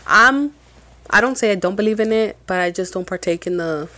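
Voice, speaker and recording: She's a young woman from Mexico, co-hosting a podcast and sharing a paranormal story in relaxed talk, full of energy, cursing frequently, and dropping Spanish phrases. Pitch is medium and her pace a little quick.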